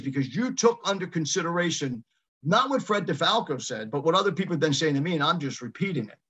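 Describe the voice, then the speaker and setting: A man's voice: a little high, a bit bright, slightly rough, highs cut off. A man leading a motivational coaching call, emphatic and given to repeating his phrases. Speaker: real estate coach leading a mastermind call.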